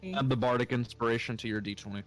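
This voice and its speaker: A man's voice: medium pitch, steady tone, fast talker, soft background music. A man narrating as game master, easygoing and full of fillers.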